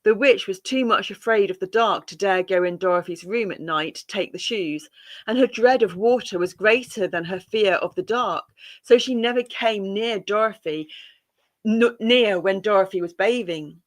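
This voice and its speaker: A woman reading a classic children's story aloud in a calm, measured way. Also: medium pitch.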